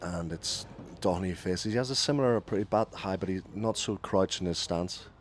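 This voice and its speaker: A man leading a radio cricket broadcast from a commentary booth, calling each ball in a lively way and correcting himself as he goes. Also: low voice, moderate pace, a little hiss or hum.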